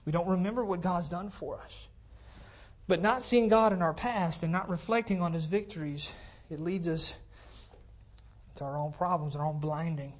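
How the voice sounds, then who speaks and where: Holding a cordless mic in a church, a male pastor delivers a conversational sermon, repeating phrases for emphasis and often asking "okay? all right?" His voice sits high, and his pace is moderate.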